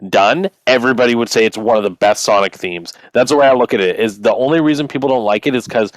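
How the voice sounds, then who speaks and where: Male podcast co-host, casual and opinionated, mid-pitched, dry close sound. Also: fast, dry recording. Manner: opinionated, animated, lots of "like". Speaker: podcast co-host running the bracket. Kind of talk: casual chat.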